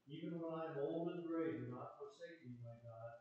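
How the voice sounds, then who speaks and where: A man's voice: a little high, moderate pace. Man reading scripture in an echoey room. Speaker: scripture reader. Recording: echoey, muffled, far from the mic.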